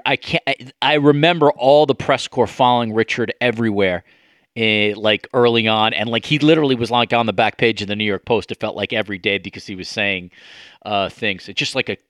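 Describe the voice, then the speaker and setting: A man's voice: medium pitch, pushed and bright, clear, resonant tone, dry recording, clean studio sound. A man hosting a podcast, chatting casually and enthusiastically and reading quotes aloud. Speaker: podcast host.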